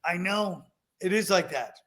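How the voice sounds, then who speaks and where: A man's voice: sits high, expressive, measured pace, fairly bright tone. A man chatting as a guest on a video call, with short, dry replies. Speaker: comedian guest. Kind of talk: casual chat.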